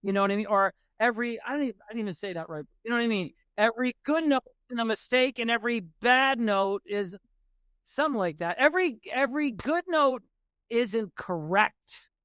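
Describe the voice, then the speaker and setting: A man's voice: high voice, animated, a little fast, bright, forceful tone, smooth, no echo, clean studio sound. A man, a jazz musician and podcast guest, telling stories in a rambling way, restarting sentences and saying "you know" a lot. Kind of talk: conversational storytelling.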